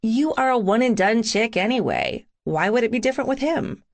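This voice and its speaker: A woman doing brash friend Lou, high and pushy. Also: expressive, a little fast. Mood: teasing. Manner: pushy, crude, teasing.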